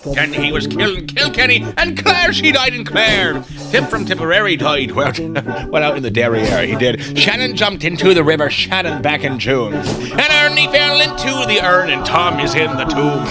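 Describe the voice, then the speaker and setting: A man's voice: on the high side, very animated, moderate pace. A man putting on an Irish accent to play a boozy pub singer belting out a comic drinking ballad. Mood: rowdy singing. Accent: put-on Irish. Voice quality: loud, bellowing chorus lines. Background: instrumental music.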